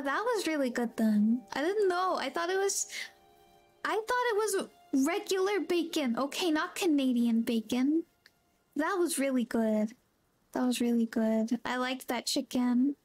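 High-voiced chatty woman streamer. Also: normal speed, faint music behind. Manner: chatty, reads chat aloud, friendly greetings. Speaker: game streamer. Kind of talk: casual gameplay chat.

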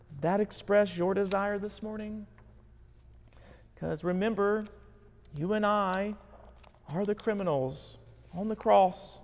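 A man's voice: high voice, slow, pauses often, darkish tone. A male pastor preaching a sermon in an earnest, emphatic way. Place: church sanctuary. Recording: long church hall reverb.

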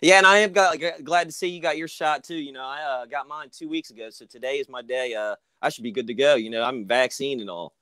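A man's voice: mid-range voice, fast talker, hardly any pauses, sharp tone, clean tone, no room sound. A man from the United States co-hosting a podcast over a video call, joking and saying "you know what I mean" a lot. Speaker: podcast co-host. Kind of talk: casual video-call interview.

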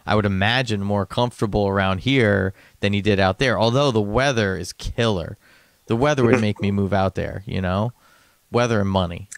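A man's voice: lowish voice, vocal fry, no room sound. A man hosting a podcast, laughing easily and swearing casually in chat. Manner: laughs often, swears casually, quick reactions. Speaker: podcast host.

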